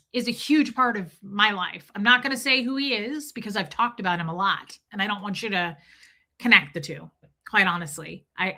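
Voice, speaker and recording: Bright-voiced chatty woman livestreamer. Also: mid-range voice. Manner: chatty and emotional, with restarts and stumbles. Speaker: livestream host reading viewer comments. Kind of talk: casual livestream chat.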